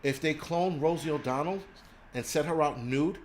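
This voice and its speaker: A man's voice: on the high side, normal speed, a little hiss or hum. Foul-mouthed man ranting on a livestream. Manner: crude, rambling, reacts to live chat. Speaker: livestream host. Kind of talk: profane ranting livestream chat.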